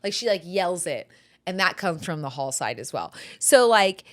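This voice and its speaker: A woman in her thirties hosting a podcast, telling animated family stories with frequent laughter. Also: fairly low pitch, normal speed. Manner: animated storyteller, laughs often. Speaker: podcast host. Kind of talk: casual chat.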